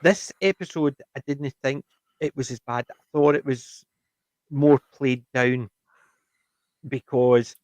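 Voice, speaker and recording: A man's voice: mid-range voice, fairly even intonation, takes it slowly, long pauses, a little mellow, dry recording. A man co-hosting a TV review podcast, chatting casually and retelling scenes in a rambling way with many restarts. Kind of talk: casual chat.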